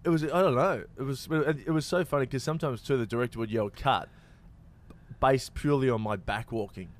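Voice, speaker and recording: A man's voice: medium pitch, brisk. A man with an Australian accent, a comedian and actor, talking in a loose, rambling way full of fillers and restarts. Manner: laid-back, rambling with many fillers and restarts. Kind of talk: casual chat.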